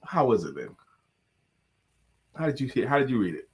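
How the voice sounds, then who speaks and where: A man's voice: mid-range voice, very animated, moderate pace, slightly rough. A man co-hosting a casual talk show, playful and teasing, who laughs often and sings bits of songs. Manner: sings lines of a song. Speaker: co-host. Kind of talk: casual chat.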